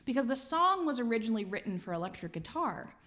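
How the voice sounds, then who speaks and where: A woman with a fairly high voice chats on a live stream between songs. She is playful and rambling, thinking out loud as she goes. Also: very animated, fast talker. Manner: playful and rambling, musing aloud. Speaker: streamer and singer.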